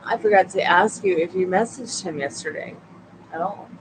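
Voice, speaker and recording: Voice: medium pitch, normal speed, background noise. A tarot reader hosting a casual late-night live stream from a couch at home, chatting with viewers and the dog, sleepy and yawning.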